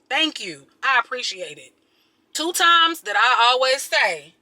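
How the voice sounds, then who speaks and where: A woman, chatting casually to camera in a vlog and ranting with animated, exasperated energy. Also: high voice, moderate pace, dry recording. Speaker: vlogger. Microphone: small handheld pocket camera.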